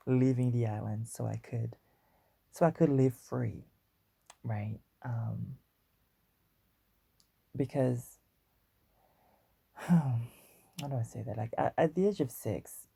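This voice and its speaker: A woman with a Guadeloupean accent talks slowly in a chatty, wandering way, hosting her own podcast. Her voice is gravelly with a husky edge. The sound is dry and close. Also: a bass voice, mellow, no echo. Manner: chatty, rambling, self-aware about being wordy. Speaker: podcast host. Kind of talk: solo podcast chat.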